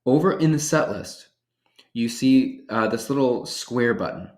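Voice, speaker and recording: A man presenting a workshop, walking through software features step by step in an upbeat, casual way. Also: medium pitch, animated, measured pace, reverberant. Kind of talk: software tutorial demonstration.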